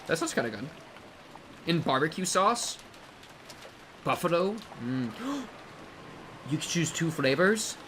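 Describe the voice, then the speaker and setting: An excitable young man in his twenties streams live and chats with his audience in a bright, forceful voice that leaps into sudden yelps. His tone sits a little above the usual male pitch, and a faint hiss of background noise runs under it. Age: 20s. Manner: excitable, bursts into loud yelps and shouts; talks to his chat, jokey and animated. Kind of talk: casual live-stream chat.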